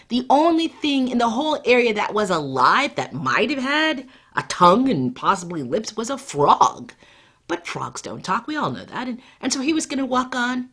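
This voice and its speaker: A woman storyteller telling a folktale and reflecting, often dropping into a hushed, intimate whisper. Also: fairly low pitch, slightly rough. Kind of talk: live storytelling.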